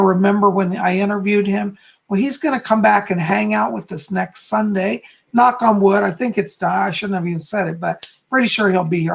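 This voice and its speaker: With a high-sitting, hoarse voice, this psychic live stream host clears his throat and rambles through chat comments, leaning heavily on fillers in a casual way.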